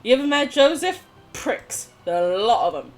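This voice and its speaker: A woman's voice: high-pitched, sing-song, normal speed, soft background music. A young woman streaming a game, chatting casually with viewers, giggling and swearing. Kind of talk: casual live gameplay chat.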